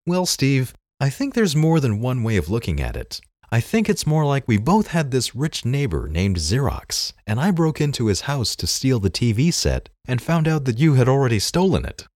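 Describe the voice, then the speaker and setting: A man voicing a calm, unflappable male executive with a squeaky voice, answering coolly and wryly. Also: no room sound, studio quality. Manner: calm, measured, wry.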